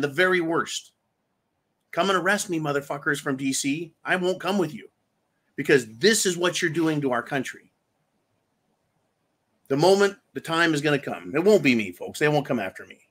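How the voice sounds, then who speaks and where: A man's voice: a little high, expressive, moderate pace, pauses often, a bit bright, husky. A man hosting political commentary, delivering an angry, profane, sarcastic rant and repeating himself for emphasis.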